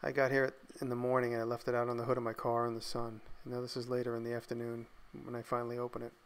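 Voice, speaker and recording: Relaxed man narrating his workshop build. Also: medium pitch, very fast, clear, resonant tone. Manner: relaxed, thinking aloud, tired and yawning. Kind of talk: casual voice-over narration.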